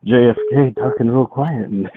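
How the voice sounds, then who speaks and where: A man's voice: mid-range voice, breathy edge. Giggly man on a tinny phone line. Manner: rambling, halting, giggly. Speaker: caller. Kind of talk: phone-in chat.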